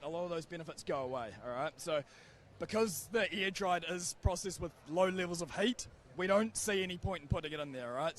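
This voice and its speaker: A man with a New Zealand accent gives an earnest, energetic product pitch on a trade show floor, checking in with his listener as he goes. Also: a little hiss or hum. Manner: energetic, earnest, keeps checking in with "all right?". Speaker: pet food sales rep.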